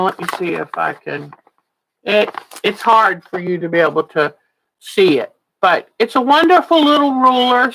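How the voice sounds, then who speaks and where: A woman's voice: lowish voice, a bit bright, rough recording. A woman in her sixties, a quilting teacher on a casual livestream, chatty and laughing often, a little tired and yawning. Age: 60s.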